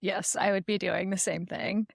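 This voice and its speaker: A woman's voice: mid-range voice, steady tone, normal speed, gravelly, no room sound, clean studio sound. A woman on a podcast panel chatting casually, reacting with frequent laughter. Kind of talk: casual chat.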